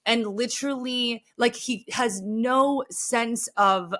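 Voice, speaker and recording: A woman's voice: a little high, takes it slowly, a bit bright. Earnest woman guest chatting casually. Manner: earnest, heavy use of "like" fillers; sensitive, emotionally open. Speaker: podcast guest. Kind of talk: casual chat.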